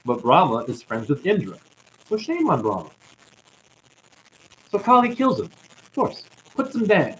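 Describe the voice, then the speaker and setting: Fired-up guy preaching spiritual stuff, rants at viewers and calls them honey, voice jumps all over, kinda high. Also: huge pitch swings, a little slow, pauses often, a little hiss or hum, poor audio. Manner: ranting, calls listeners honey. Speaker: self-styled spiritual teacher. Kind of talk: impassioned spiritual monologue.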